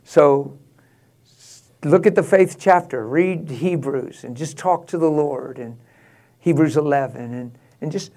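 A man preaching a sermon, rising to passionate, laughing exclamations and dropping to a hushed prayerful tone. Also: on the high side, measured pace. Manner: drops to a hushed prayerful tone near the end.

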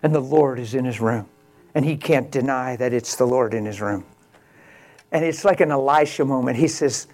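A man's voice: medium pitch, moderate pace. Passionate male pastor preaching. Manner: storytelling, swings from quiet to loud exclamations. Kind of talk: sermon.

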